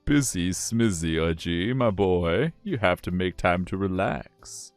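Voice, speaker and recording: A man's voice: sits low, lively intonation, no echo, faint music behind, pitched below the performer's own voice. A man voicing a jolly, overfamiliar older male police chief in a fan dub of a courtroom game. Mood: jovial. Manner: hearty and overfamiliar, drawn-out exclamations.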